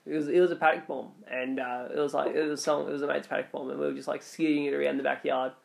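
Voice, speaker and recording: A man's voice: on the high side, little pitch movement, quick pace, creaky. A young Australian man co-hosting a podcast, blunt and teasing in casual chat. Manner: blunt, teasing, laughs often. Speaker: podcast co-host.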